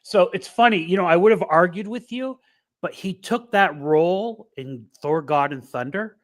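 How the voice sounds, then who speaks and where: A man's voice: high-pitched, normal speed. Chatty male podcast co-host. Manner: conversational, often asks "you know what I mean". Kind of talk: casual movie chat.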